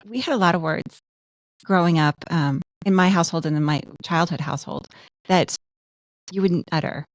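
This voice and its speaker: Lowish-voiced woman dentist chatting earnestly. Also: normal speed, no room sound. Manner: earnest, storytelling with quoted examples. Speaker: podcast co-host, dentist. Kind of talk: casual conversational chat.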